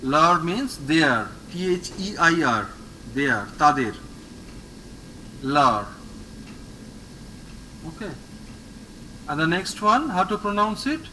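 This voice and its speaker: A man's voice: a little high, sing-song, slow, long pauses, bright, forceful tone, a little hiss or hum, poor audio. A man teaching a French lesson. He repeats words patiently and praises his student often. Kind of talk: online language lesson with a student.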